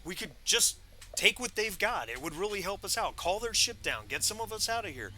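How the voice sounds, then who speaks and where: A man's voice: sits high, very animated, bright, forceful tone, slight background noise, pitched above the performer's own voice, heavily acted. A man voicing an agitated, pushy male survivor who rants in disbelief. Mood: incredulous. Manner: rapid incredulous ranting.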